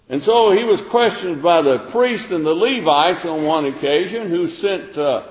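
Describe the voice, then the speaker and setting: A man preaching a sermon as pastor, reading scripture and explaining it in a conversational way with many fillers. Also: on the high side. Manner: conversational, frequent "uh" fillers and restarts. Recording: echoey hall, dull lo-fi sound.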